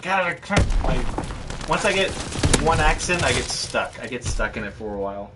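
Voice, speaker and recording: A man's voice: mid-range voice, very animated, normal speed, heavy background noise. A man in his thirties chatting casually while streaming a game, rambling and self-mocking, often breaking into laughter. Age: 30s. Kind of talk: casual chat while gaming.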